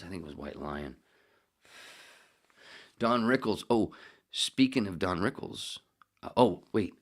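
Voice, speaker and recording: Brief: male podcast host from the United States with a very low, deep voice, casual rambling chat full of swearing and mumbled asides. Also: a bit bright.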